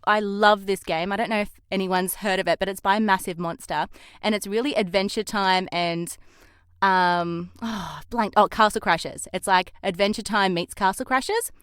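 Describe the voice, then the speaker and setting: A young Australian woman chats as a podcast guest, laughing easily between thoughts. Her voice is smooth and clear, and the recording is dry and close with no room sound. She keeps a relaxed, friendly interview tone. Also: medium pitch, no echo. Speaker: voice actress guest. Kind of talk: casual interview chat.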